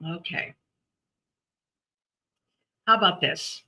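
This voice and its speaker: Woman numerologist host, very bright tone, chatty and animated on a live stream. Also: on the low side, extremely slow, vocal fry. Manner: chatty, animated, laughs often. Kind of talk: live-stream chat and readings.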